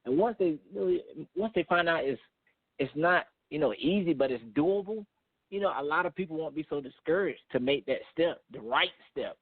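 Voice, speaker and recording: Brief: earnest male guest, mid-pitched, sermon-like conviction, dry tinny phone audio. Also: lively intonation, moderate pace, slightly rough, no room sound. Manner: earnest, preachy, faith-driven. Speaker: married guest. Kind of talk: casual chat.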